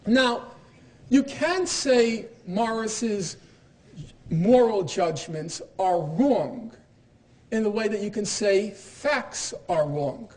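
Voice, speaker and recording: A man's voice: high voice, animated, very slow, a little mellow. A middle-aged man giving a university lecture in an emphatic, argumentative way, with pointed irony. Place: lecture hall.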